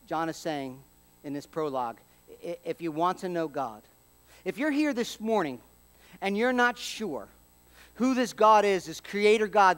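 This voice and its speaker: A pastor preaching a sermon, swinging between loud emphasis and near-quiet asides, with humorous remarks along the way. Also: male voice, high voice.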